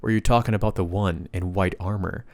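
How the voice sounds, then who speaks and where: A man's voice: deep voice, fairly even intonation, a little fast, no room sound. A man voicing a ruthless, coldly menacing male spear-wielding hero, speaking curtly in a story recap. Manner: cold, curt, menacing.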